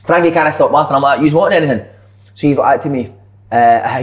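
A man's voice: medium pitch, fairly quick. A young man with a Scottish accent, co-hosting a podcast and telling a rude, sweary story between laughs. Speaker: podcast co-host. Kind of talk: casual banter.

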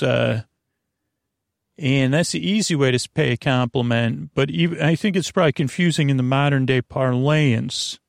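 Gravelly man rambling through a comic monologue. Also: medium pitch, dry recording, clean studio sound. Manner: halting, full of fillers and restarts, sings quotes slowly. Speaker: comedy podcast host.

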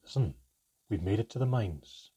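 A commanding goblin elder, put on by a man reading a storybook, talks in a low, urgent, firm way. His voice is deep-set and husky, with a dark, mellow tone. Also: expressive, moderate pace.

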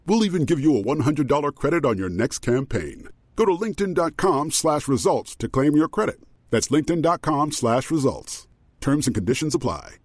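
A deadpan ad figure bragging about the deepest voice in the world, as a man puts him on. His pitch swings widely and his tone is husky. The recording is dry and close. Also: moderate pace, dry recording. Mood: deadpan boastful. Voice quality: very deep voice. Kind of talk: radio ad.

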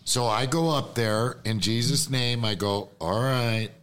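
A man's voice: mid-range voice, measured pace, a bit bright. A man, a podcast guest, telling a story animatedly, acting out the voices he quotes and laughing often.

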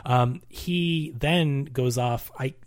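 A man's voice: medium pitch, extremely slow, no room sound, studio quality. A man casually recapping a movie plot on a podcast, rambling with many fillers. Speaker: podcast co-host.

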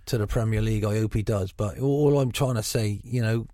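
A frank, chatty middle-aged football manager with a Gloucestershire burr keeps restarting his sentences during a radio interview. His lowish voice is brisk and warm, and the studio-quality recording has no echo.

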